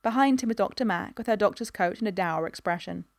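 A woman narrating a story in an even, measured reading voice. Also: medium pitch, vocal fry, dry recording, clean studio sound.

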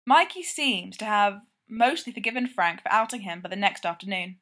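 A woman's voice: medium pitch, animated, normal speed, pushed and bright. A woman reading fan fiction aloud in a casual, conversational way. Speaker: reader.

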